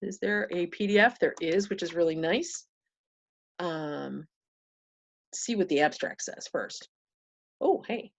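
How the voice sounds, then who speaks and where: A woman's voice: fairly low pitch, expressive, takes it slowly, gravelly, long pauses. A woman talking through a casual screen-share tutorial, thinking aloud with many fillers and restarts.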